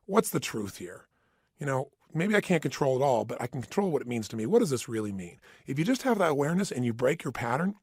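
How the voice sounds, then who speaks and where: A man's voice: medium pitch, breathy edge, no room sound, clean studio sound. A man giving an emphatic motivational talk, acting out the voices in people's heads. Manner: emphatic, acts out inner voices. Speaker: motivational speaker.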